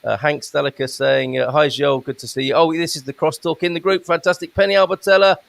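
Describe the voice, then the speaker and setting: A man's voice: on the high side, flat delivery, quick pace, creaky, fairly bright tone, no echo. A man hosting a casual live-stream show from Portugal over a video call, chatting and reading out viewers' comments. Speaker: host. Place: home in Portugal.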